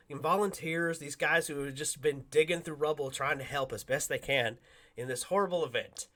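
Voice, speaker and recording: Bright animated man telling a story. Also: fairly high pitch. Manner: animated, acts out quotes with loud bursts and laughs. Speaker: podcast co-host. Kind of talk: casual storytelling chat.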